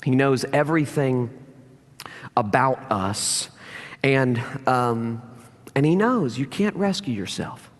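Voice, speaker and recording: A man preaching a sermon as pastor, telling a personal story in an animated way and acting out the lines of the people in it. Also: medium pitch, slow pace, long pauses, long reverb tail.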